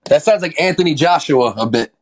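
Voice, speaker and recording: A man's voice: fairly high pitch, lively intonation, a little fast, husky, no echo. A man chatting casually on a podcast, laid-back, saying "bro" and "you know what I mean". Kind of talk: casual chat.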